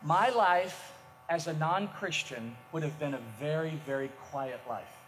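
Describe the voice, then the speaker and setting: A middle-aged man preaching a sermon as a pastor, telling self-mocking stories with energy and bursts of shouting. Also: on the high side, a little slow, faint music behind. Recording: echoey hall, faint noise.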